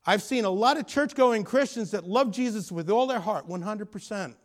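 Middle-aged guy preaching, pretty high voice, storytelling then gets loud and punchy. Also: normal speed. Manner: storytelling preacher, rising to loud emphatic peaks. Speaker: pastor. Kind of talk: sermon.

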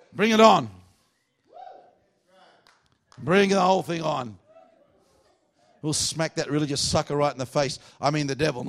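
A man with an Australian accent preaching a revival sermon to a congregation, jokey and exuberant, swinging from hushed asides to shouts. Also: fairly high pitch. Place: church hall before a congregation.

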